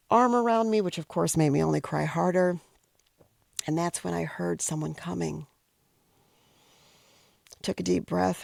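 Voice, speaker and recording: A middle-aged woman narrating a personal story in a reflective, emotional way, often pausing and sometimes dropping to a whisper. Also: on the low side, vocal fry, darkish tone, no room sound, clean studio sound. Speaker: podcast host telling a personal story.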